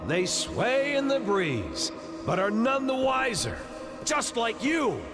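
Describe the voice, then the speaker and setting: An actor voicing a disapproving, theatrical father figure in a game, lecturing in a slow, grand manner. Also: very high voice, huge pitch swings, heavily acted. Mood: mocking, ominous. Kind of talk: game voice acting. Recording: game audio with music underneath.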